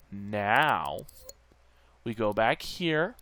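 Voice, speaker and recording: A man's voice: medium pitch, slow, a bit bright, clean tone, dry recording. A man hosting a gameplay channel, muttering to himself as he tinkers, with bursts of goofy sing-song nonsense. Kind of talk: casual gameplay commentary.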